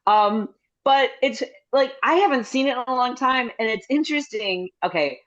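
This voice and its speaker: Middle-aged comedy lady rambling through a story, fairly high voice, kinda dull lo-fi call audio. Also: expressive, fairly bright tone. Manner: rambling, chatty, with quick asides and restarts. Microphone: video call.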